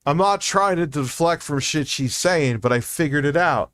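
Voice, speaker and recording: Loud middle-aged male streamer; casual swearing commentary, dead-dry desk mic. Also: on the high side, normal speed, no echo, some chatter behind. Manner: loud, animated, swearing freely. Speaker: streamer reacting to videos.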